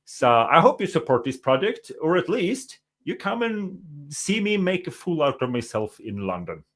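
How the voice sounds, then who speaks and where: A man's voice: fairly high pitch, very animated, a bit bright. A man from Norway, a stand-up comedian guest chatting in a playful, joking way. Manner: playful, joking, loose and quick. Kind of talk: casual interview chat.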